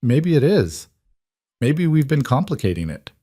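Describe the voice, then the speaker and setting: A man voicing a steady, earnest wealthy man in his forties in a narrated romance story. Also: medium pitch, unhurried, husky, no echo, voice pushed up.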